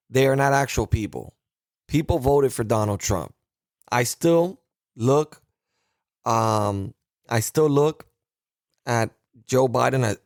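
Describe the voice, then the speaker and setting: A man's voice: mid-range voice, no room sound, studio quality. A man hosting a solo political commentary show, talking heatedly with many fillers and restarts.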